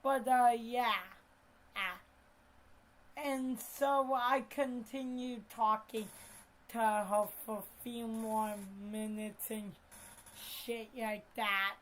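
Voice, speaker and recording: Slow, high-voiced rambling storyteller woman. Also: fairly even intonation, a bit bright, low-quality recording. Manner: rambling, with many fillers and restarts; profane, slangy. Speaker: storytime vlogger. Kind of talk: casual storytime.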